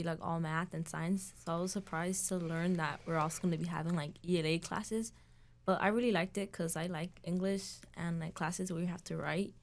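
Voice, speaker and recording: A teenage girl student talking about her program in a hesitant casual chat, with many fillers. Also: lowish voice. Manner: hesitant, lots of ums and likes.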